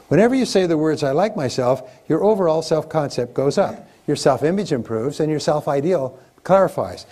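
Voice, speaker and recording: A man's voice: fairly high pitch, expressive, brisk, few pauses, dark tone. A man giving a live motivational seminar on sales, speaking emphatically, repeating key phrases and getting the audience to chant them back.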